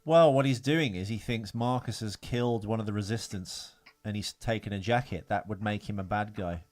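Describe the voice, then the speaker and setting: A man's voice: on the low side, moderate pace. A man co-hosting a casual podcast chat, reading out trivia with lots of fillers and restarts. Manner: rambling, hesitant, reads trivia with many fillers. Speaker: podcast co-host.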